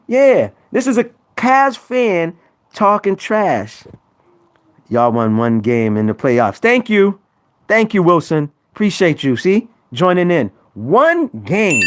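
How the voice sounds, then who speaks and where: A man's voice: on the high side, very animated, slow. A man trash-talking rival sports fans on a live stream, teasing and repeating himself for emphasis. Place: home room.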